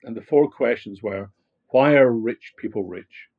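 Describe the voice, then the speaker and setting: A man's voice: mid-range voice, a little slow, narrow, tinny audio. A man from Glasgow with a Scottish accent, a guest telling his life story in a reflective way, with fillers and restarts. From Scotland, Glasgow. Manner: frequent fillers and restarts, rising animation in anecdotes. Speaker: guest, motivational speaker.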